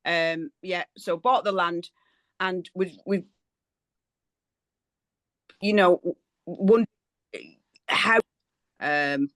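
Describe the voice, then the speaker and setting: A woman's voice: lowish voice, fairly bright tone, dry recording. A woman caller joins an online property session over a dry, close line. She asks her question hesitantly, stopping and restarting. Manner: hesitant, halting. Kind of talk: casual question on a call. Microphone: video call.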